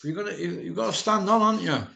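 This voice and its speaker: A middle-aged man telling a rowdy story in casual chat, mouthy and quick to laugh. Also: high-pitched, gravelly, pushed and bright, muffled recording. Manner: mouthy, laughs a lot, slips into quoted voices. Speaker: podcast host. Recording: echoey room.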